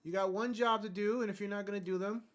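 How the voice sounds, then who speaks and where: A man's voice: sits high, steady tone, fast. Brash, profane young male game streamer. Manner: brash, profane, jokey, swings from mutters to outbursts. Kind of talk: casual live-stream commentary.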